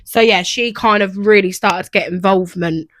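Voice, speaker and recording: A young woman co-hosts a podcast in a casual, rambling chat full of fillers. Her mid-range voice is a bit bright, with fairly even intonation and normal speed, and the recording has no room sound.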